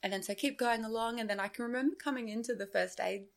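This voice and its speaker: Animated woman with a gravelly edge. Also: fairly high pitch, fast. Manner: animated, with frequent filler "like". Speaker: podcast guest. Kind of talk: casual storytelling chat.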